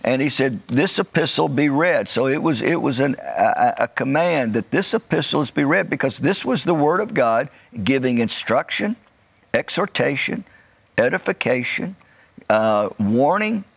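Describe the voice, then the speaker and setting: A man delivers a sermon with a gravelly edge to his voice. His pitch sits in an ordinary middle range. He preaches in a measured way, slowing down to stretch out words he wants to stress. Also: lively intonation. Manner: light joking asides. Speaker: pastor.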